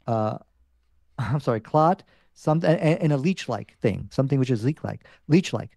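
A man's voice: fairly high pitch, warm tone, no echo, studio quality. A man arguing his side in a debate, insistent and repeating his points. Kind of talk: debate argument.

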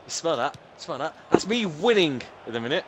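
A young man gaming in his bedroom, cursing and groaning in exasperated outbursts. His voice sits high for a man and leaps all over the place. A noisy home recording. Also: very animated, brisk. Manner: sweary, exasperated, shouting outbursts. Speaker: gamer. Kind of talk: casual banter while gaming.

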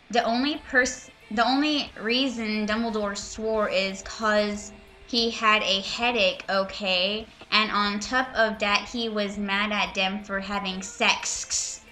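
A woman's voice: mid-range voice, fairly even intonation, slow, sharp tone, soft background music. A woman on a voice call reads out a badly written story in an exaggerated way. She adds mocking, profanity-laced commentary between the passages. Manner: sarcastic, swearing, breaks into laughter. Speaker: reader and commentator. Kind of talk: mocking dramatic reading with commentary.

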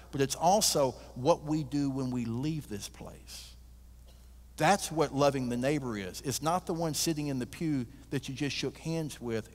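A man preaching a sermon as a guest preacher, with a folksy, animated storytelling manner. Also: mid-range voice. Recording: reverberant church sanctuary.

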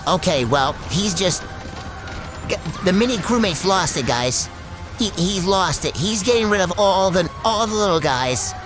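A woman hosting a reaction video, talking along to animations in excited, exclaiming commentary. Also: lowish voice, a little slow, over music. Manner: excitable, exclaims and laughs often.

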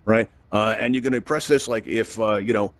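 Brooklyn man hosting a VR class; rapid-fire, chatty, keeps checking in with "right?", dry close sound. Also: on the low side, steady tone, no room sound. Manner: chatty and upbeat, tags lines with "right?". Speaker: event host and VR instructor. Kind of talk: live presentation to a virtual audience.

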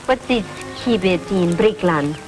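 A woman's voice: lowish voice, expressive, a little slow, rough recording. An actress playing a playful, teasing young woman, in a 1940s film comedy. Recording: old film soundtrack with music.

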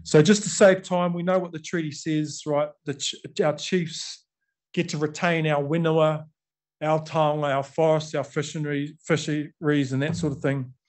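A man's voice: fairly high pitch, level tone, normal speed. A middle-aged man with a New Zealand accent giving a conversational storytelling talk to an audience, acting out quotes and using many fillers.

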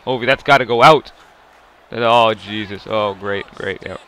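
Excitable man yelling over gameplay. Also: lowish voice, normal speed. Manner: excitable, yelling at plays and swearing in frustration. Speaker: gaming video creator. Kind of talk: live gameplay commentary.

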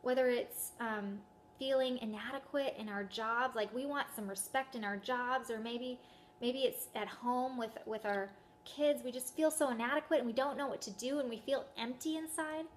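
A woman's voice: a little high, normal speed, slight background noise. A woman giving a casual sermon as a Bible teacher, talking conversationally and often asking the listener questions.

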